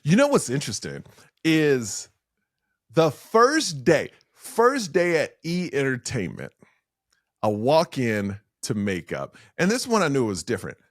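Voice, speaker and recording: A man's voice: medium pitch, a little slow, dry recording, studio quality. A man, a comedian guest, telling stories on a podcast over a video call, acting out the voices of people in his stories. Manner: animated, acts out quoted dialogue. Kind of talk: storytelling in a podcast interview.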